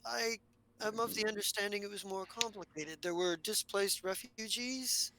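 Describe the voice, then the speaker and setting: A man's voice: sits high, normal speed, noisy background, pitched above the performer's own voice. A man voicing a curious, eager female alien diplomat in a tabletop game.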